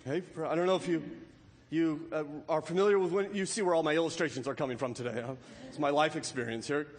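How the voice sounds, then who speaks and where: An emphatic male pastor preaching a sermon, his voice pitched high for a man. He keeps checking in with the congregation. A long hall reverb trails his words through a large church sanctuary. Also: fast talker. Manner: emphatic, keeps asking "right?".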